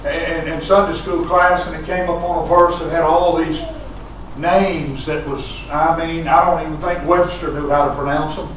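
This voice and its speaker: High, bright shouting preacher, echoey church. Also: male voice, flat delivery, normal speed, recorded from a distance, slight background noise. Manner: shouting preacher who punctuates lines with "huh?" and "uh". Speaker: pastor. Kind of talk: sermon. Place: church sanctuary. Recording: echoey church sanctuary recorded from afar.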